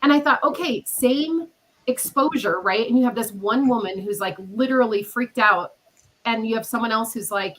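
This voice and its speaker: A woman's voice: a little high, normal speed, rough recording. A woman hosting a casual podcast chat, telling stories animatedly and acting out what others said, with a cough from illness. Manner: animated storytelling, acting out quoted people. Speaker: podcast host.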